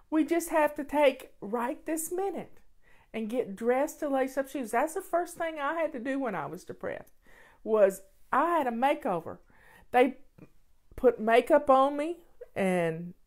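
Female show host, unhurried and affectionate, encouraging advice in a casual Q&A. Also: sits high. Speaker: host answering viewer questions.

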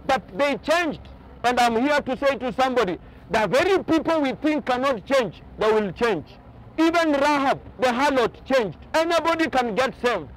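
A man's voice: very high voice, animated, normal speed, low-quality recording. A man preaching a sermon as a pastor, speaking emphatically and repeating key phrases. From Kenya. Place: outdoors on a boat by the ocean.

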